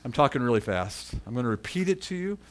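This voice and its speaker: A man's voice: medium pitch, big pitch swings, fast talker, a little hiss or hum. Middle-aged guy preaching a sermon, talks like he's chatting, calls out people in the pews. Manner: conversational, calls on people by name. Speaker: pastor.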